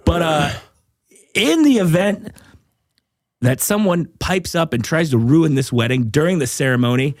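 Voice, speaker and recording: A man's voice: a little high, animated, unhurried, no echo, clean studio sound. A man hosting a casual podcast chat, rambling loosely, swearing freely and laughing often. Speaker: podcast host.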